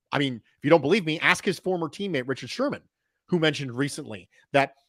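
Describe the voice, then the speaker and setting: A man's voice: a little high, a bit bright, no room sound, studio quality. A man talking football on a podcast, emphatic and analytical, often repeating a point for stress. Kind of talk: casual sports podcast talk.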